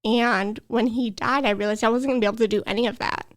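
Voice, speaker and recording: A woman's voice: on the high side, fairly even intonation, quick pace. A young adult woman, a podcast guest, earnestly telling a personal story with emotion. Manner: earnest, emotional, tearful at times.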